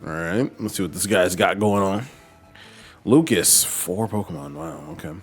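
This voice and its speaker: A man's voice: sits low, normal speed, breathy edge, faint music behind. A man streaming a game, chatting casually as he plays and talking to his team and viewers. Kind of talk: casual gameplay commentary.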